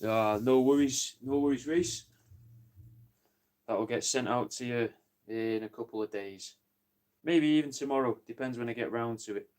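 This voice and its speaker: A man's voice: mid-range voice, moderate pace, long pauses, a little mellow. A man in casual livestream chat, rambling, joking and swearing while he lists crafts for sale.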